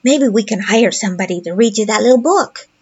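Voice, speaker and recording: A woman's voice: mid-range voice, brisk, darkish tone, slightly rough, muffled recording. A woman commentator reading posts aloud and commenting on them in a sarcastic, mocking way.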